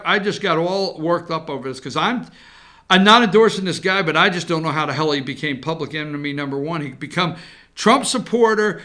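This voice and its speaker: A man's voice: sits high, sharp tone. A man hosting a casual political commentary show, rambling and sarcastic as he gets fired up. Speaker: host.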